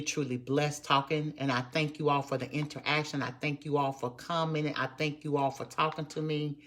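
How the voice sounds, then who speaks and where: Woman, fifties, bright sharp voice, emphatic, preachy, repetitive, live-stream talk. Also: extremely low pitch. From Texas. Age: 50s. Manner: emphatic, repetitive, preachy, addresses viewers as y'all. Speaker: network marketer.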